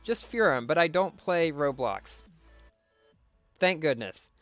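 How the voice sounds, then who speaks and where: Male game streamer, fairly high and smooth, dry close sound, faint game music behind, casual chat Q&A. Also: very animated, slow, fairly bright tone, dry recording. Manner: reads viewer questions aloud and answers briefly.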